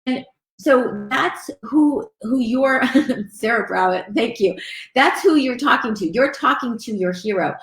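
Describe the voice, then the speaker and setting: Energetic female webinar host with a higher voice, recorded in a roomy space. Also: a little slow, vocal fry. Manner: upbeat, reads out chat comments and thanks viewers. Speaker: webinar presenter. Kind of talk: live webinar presentation.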